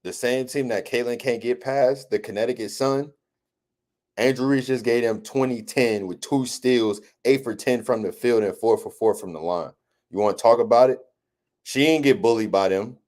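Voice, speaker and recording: A young man with a mid-pitched voice debates sports on a podcast, hammering his points with emphatic, repeated boasts. He talks casually, with a steady confidence. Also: normal speed. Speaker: podcast host.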